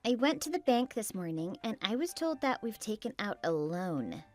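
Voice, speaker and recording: A woman's voice: mid-range voice, big pitch swings, normal speed, soft background music, close to an everyday voice. A synthetic female voice reading a worried wife who presses her husband with anxious questions in a text-message story.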